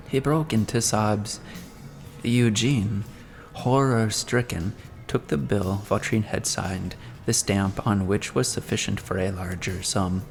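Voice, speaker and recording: A man narrating a classic novel as an audiobook in a measured, dramatic storytelling manner. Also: fairly low pitch, steady tone, soft background music.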